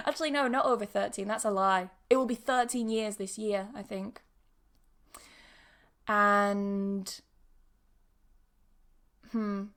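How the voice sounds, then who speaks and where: A woman in her thirties from Yorkshire, England, with a mid-range, slightly bright voice, delivers a casual podcast monologue. An English teacher, she talks frankly and laughs a lot, her Yorkshire accent mixed with some Bristol.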